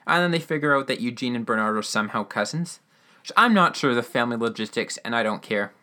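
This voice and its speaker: A man's voice: medium pitch, animated, quick pace, pushed and bright. A man casually recapping a radio-drama episode, rambling with lots of fillers and enthusiastic asides.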